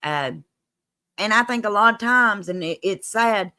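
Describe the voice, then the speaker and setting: A woman's voice: medium pitch, animated, measured pace, pushed and bright, no room sound. A woman from Kentucky with a Kentucky accent, hosting a casual live-stream chat and trading folksy Southern sayings with a laugh. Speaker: host.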